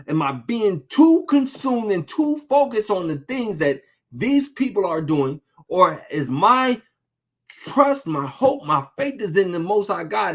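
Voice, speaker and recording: A man preaching an informal sermon, talking conversationally, repeating phrases for emphasis and asking rhetorical questions. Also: high voice.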